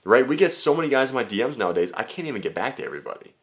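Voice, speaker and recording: A young man talking casually as a dating coach, brash and full of swearing, often slipping into high mocking voices. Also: very animated, rapid-fire, a bit bright. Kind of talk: casual talking-head monologue.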